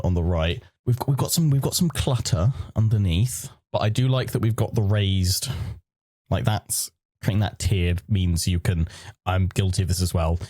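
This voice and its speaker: A man from the UK talks through desk setups with a co-host, rambling and playful, stopping and restarting as he thinks aloud. His voice sits fairly low. The sound is dry and close to the mic. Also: mellow, dry recording. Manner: rambling, self-interrupting, playful. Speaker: podcast co-host. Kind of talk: casual chat reviewing desk setups.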